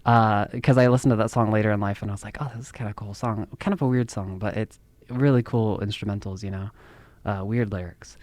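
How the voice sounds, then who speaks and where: A man's voice: fairly low pitch, fairly even intonation, fairly quick, a little mellow, no room sound. A man hosting a podcast, talking in a casual, rambling monologue and laughing at himself. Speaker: podcast host.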